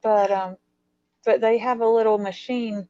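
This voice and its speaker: A woman from the United States hosting a casual live stream chat, curious and quick to laugh. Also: fairly high pitch, steady tone, mellow, no echo, dull audio. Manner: curious, laughs easily, thinks aloud. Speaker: host.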